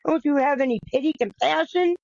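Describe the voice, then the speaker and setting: A storyteller voicing a grieving mother who pleads for mercy for her son, raised high in pitch, over a dull, dry recording. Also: fairly quick, vocal fry, a little mellow, no echo. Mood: pleading.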